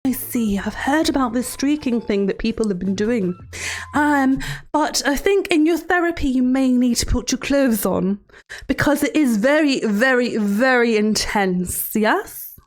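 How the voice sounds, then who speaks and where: Woman putting on a creepy sugary villain lady, high voice that swoops all over, teasing and menacing on a live stream. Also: animated. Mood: playful teasing. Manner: sing-song, mock-sweet and menacing, drawn-out words. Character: creepy, teasing female villain therapist hosting cruel trials. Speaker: streamer in character. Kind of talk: live-stream character role-play.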